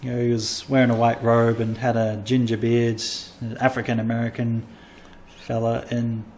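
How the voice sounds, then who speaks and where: A man's voice: medium pitch, monotone, normal speed, a little mellow, slight background noise. Rambling self-mocking man chatting. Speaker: comedian podcast host. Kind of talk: casual chat.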